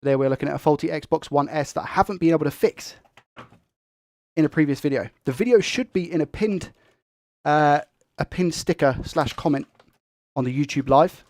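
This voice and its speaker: A young man who talks fast and excitably while hosting a tech live stream and reading viewer comments. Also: fairly high pitch, no room sound. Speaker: tech livestream host.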